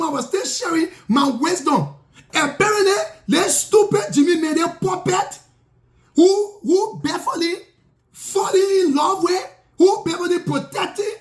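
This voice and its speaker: A self-styled prophet, a man, telling his grievances in an indignant, repetitive monologue with broken grammar. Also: very high-pitched. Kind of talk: impassioned spoken monologue.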